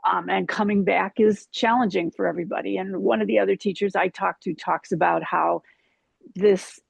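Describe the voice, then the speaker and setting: A yoga teacher talking slowly in a casual spiritual chat, halting with many ums and restarts. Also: female voice, medium pitch, steady tone, gravelly, breathy edge, no room sound.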